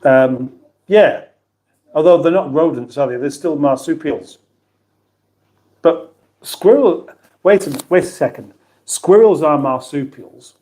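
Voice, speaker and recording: Speaking slowly with frequent pauses, a middle-aged British man hosts an easygoing livestream in a mellow voice that sits on the high side. He rambles, jokes at his own expense, and reads out comments from viewers.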